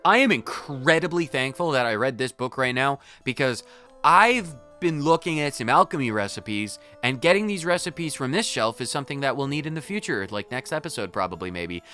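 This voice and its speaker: A man commenting on his own gameplay in a rambling, excitable, playful way, hopped up on caffeine. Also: mid-range voice, normal speed, soft background music. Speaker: let's play host.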